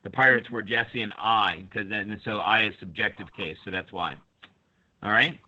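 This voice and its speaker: A male teacher runs a live online lesson, explaining patiently one step at a time and calling on students. His voice is bright and forceful. The audio comes through a little dull and lo-fi. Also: fairly low pitch, normal speed.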